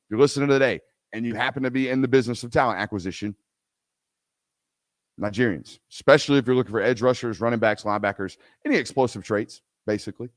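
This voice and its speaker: A medium-pitched male voice, recorded dry at studio quality, belongs to a live sports talk host. He rants emphatically and says things again for effect, and afterward takes questions from the audience.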